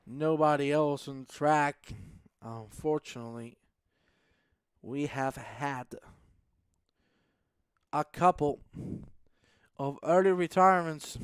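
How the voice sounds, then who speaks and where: A man's voice: fairly high pitch, slow, long pauses, clean tone, no echo. A man commentating a sim race in a playful, joking way, with a non-native English accent. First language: not English. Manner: playful, jokey, hypes the start.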